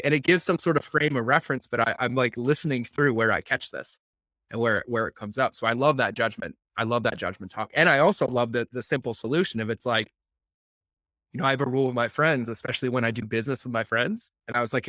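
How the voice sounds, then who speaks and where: Male podcast host, rambling chatty storyteller, bright edgy tone, mid-pitched voice. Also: fast talker, no room sound, clean studio sound. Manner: rambling, retells dialogue with lots of "I was like". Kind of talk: conversational podcast interview.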